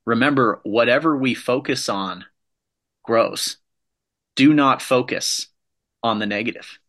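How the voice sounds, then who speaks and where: A man's voice: medium pitch, a little slow, a bit bright. A man giving a motivational talk, emphatic and punchy, hammering points home with repeated phrases. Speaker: motivational speaker.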